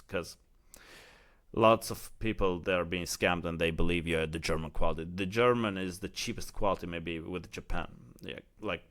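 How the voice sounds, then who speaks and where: A man from the United Arab Emirates, speaking with an Emirati accent, tells a heated, casual story in his vlog. His voice is low-pitched with a fairly bright tone, and he keeps dropping "like" and "you know" as he chats.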